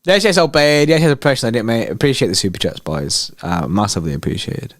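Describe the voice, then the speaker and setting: A man hosting a live match watchalong, excitable and slangy as he chats with viewers. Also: medium pitch, quick pace, no room sound, studio quality. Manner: excitable, slangy, banter with chat. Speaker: fan channel host.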